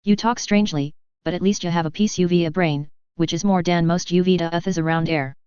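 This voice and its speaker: A hulking, short-tempered male orc cook, as read by a woman, barking blunt words in rough slang. The voice sits low and comes through very clean and dry on a slightly dull lo-fi recording. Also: steady tone, fairly quick, a little mellow, dry recording, natural voice. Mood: gruff.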